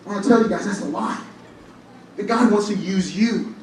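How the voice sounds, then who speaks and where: A young man preaching a lively sermon, telling stories with humor and rising to shouts at times. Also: sits high, normal speed. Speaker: church speaker. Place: large church hall. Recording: echoey hall, from far off, faint noise.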